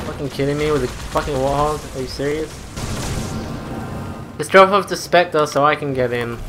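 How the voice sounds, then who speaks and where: A woman doing gameplay commentary, swearing constantly and swinging between furious yelling and low muttering. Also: normal speed, loud music behind the voice. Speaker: gamer playing a shooter. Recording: loud game noise behind the voice. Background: game gunfire and ambience.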